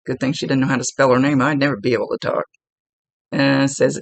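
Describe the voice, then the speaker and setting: A woman's voice: very deep voice, normal speed, vocal fry, slightly rough, no echo. A woman working as a psychic medium, talking through a casual one-on-one reading in a chatty, rambling way, often restarting her sentences.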